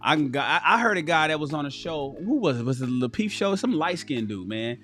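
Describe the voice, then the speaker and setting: A man hosting a livestream who talks in a profane, animated way and acts out the people he quotes. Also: on the high side, a little fast, soft background music. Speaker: host. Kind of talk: livestream commentary.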